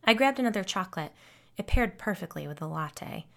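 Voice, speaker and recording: A woman narrating a first-person audiobook in a measured, low-key way. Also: animated, creaky, a bit bright.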